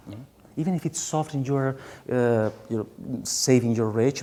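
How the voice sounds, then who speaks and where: A man with a Spanish accent, a conductor coaching a singer in a master class, halting and searching for words, singing phrases to show what he means. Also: mid-range voice, dark tone. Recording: hall reverb, faint room noise.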